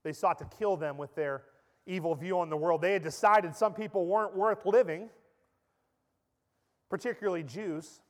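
A man's voice: sits high, moderate pace, pauses often. A man preaching a sermon with impassioned, emphatic delivery in a church. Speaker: pastor. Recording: echoey church hall.

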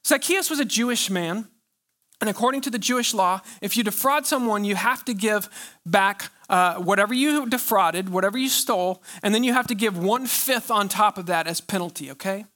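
A male pastor preaching a sermon, pressing his points with rhetorical questions and drawn-out pauses. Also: sits high, sharp tone.

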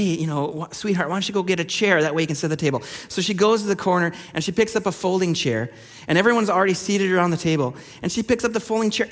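A male pastor preaching a sermon in a relaxed, conversational way, telling stories with many fillers. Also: high voice, big-room sound.

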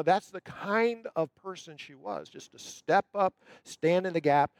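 A man with a notably high speaking voice delivers a sermon, telling a story with emphatic pacing and lingering on key words. The sound is close and dry, with no room echo. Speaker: pastor.

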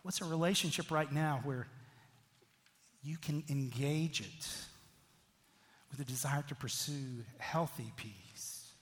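A middle-aged pastor delivers a sermon in a relaxed, chatty way, frequently throwing in quick "right?" asides to his congregation. His voice is slightly higher than the typical man's, and a long hall reverb gives it the sound of a church sanctuary.

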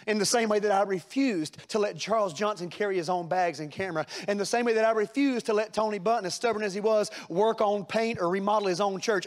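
A man's voice: high-pitched, fast, few pauses. A man preaching a sermon, folksy and plain-spoken, building to fervent rhetorical questions. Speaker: pastor.

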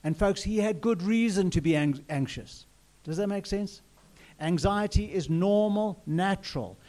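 A man's voice: high voice, unhurried, dark tone. A man preaching a sermon in an earnest way, repeating phrases and asking the listeners questions.

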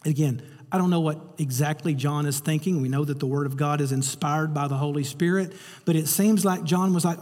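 Husky male preacher in a reverberant hall. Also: on the high side, fairly quick, darkish tone. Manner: storytelling, acting out the quoted voices. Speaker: pastor. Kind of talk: sermon.

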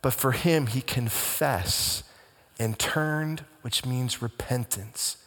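A male pastor preaching a sermon with dramatic swings between hushed and booming delivery. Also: slow pace, in a large hall.

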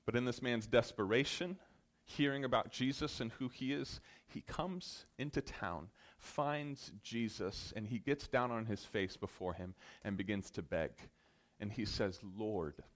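A man delivering a sermon in an ordinary mid-range voice. He speaks earnestly and often turns to the listeners with direct appeals. His delivery swings from loud, climbing emphasis to hushed, slowed phrases. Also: medium pitch, expressive. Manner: earnest, builds to loud emphatic peaks then drops soft. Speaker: pastor.

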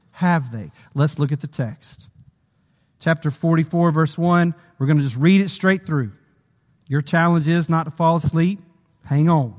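A man preaching a sermon, reading scripture aloud and breaking off to comment, slowing and lowering his voice for emphasis. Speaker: pastor. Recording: long hall reverb.

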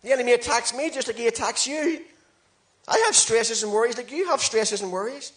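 A man's voice: very high voice, a little fast. A man pastor preaching a sermon, exhorting his congregation with emphatic, repeated phrases. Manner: emphatic, repetitive exhortation with rising shouts.

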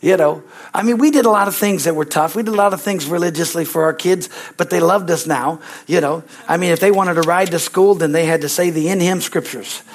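A middle-aged man preaching with emphatic, rising energy. His voice sits a little high for a man, and he keeps calling out for amens and hallelujahs between points. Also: fairly quick. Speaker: pastor. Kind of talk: sermon.

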